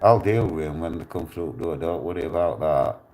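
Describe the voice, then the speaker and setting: A man's voice: a bass voice, brisk. A man, telling a blunt, profane story on his live stream. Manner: blunt, heavy swearing, animated retelling.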